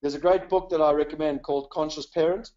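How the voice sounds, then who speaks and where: A man's voice: on the high side, steady tone, fast talker, mellow, lo-fi sound. A South African man from South Africa giving a casual, chatty webinar talk, upbeat and full of "you know" fillers. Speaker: webinar presenter.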